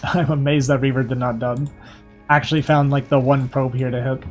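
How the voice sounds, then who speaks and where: A young man giving casual, quick play-by-play commentary on a strategy game match, a little hoarse and thinking aloud as he goes. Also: medium pitch, little pitch movement, a little mellow, soft background music. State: slightly hoarse, losing his voice. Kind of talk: live esports play-by-play commentary.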